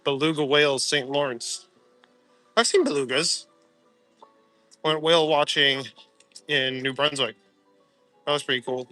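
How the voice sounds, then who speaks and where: A man's voice: fairly high pitch, a little slow, long pauses, sharp tone, soft background music. A young man, chatting casually and joking with viewers during a live stream while out walking. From Canada. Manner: laid-back, joking, laughs often. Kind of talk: casual chat reading viewer comments. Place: walking outdoors.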